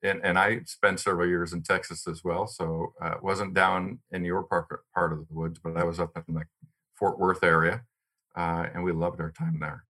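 Podcast host, man, deep bright voice, upbeat interviewer with an eager tone. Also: little pitch movement, moderate pace. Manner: upbeat, friendly host talk, some fillers. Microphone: video call.

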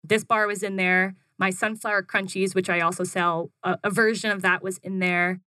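Bright-voiced young woman telling a lively story. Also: moderate pace, no echo. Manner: animated, acts out her own quotes in a higher voice, frequent "like". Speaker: guest, food business founder. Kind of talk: casual storytelling interview.

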